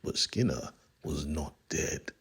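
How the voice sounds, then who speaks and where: A man's voice: rumbling low, expressive, takes it slowly, a bit bright, slightly rough. A man casually retelling a comic story, conversational, with asides to the listener. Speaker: comic recap narrator.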